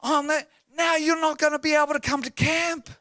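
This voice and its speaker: Distraught ten-year-old girl, high and pleading, played by a man, dry bright sound. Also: fairly even intonation, a little fast, no room sound. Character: upset schoolgirl daughter around ten.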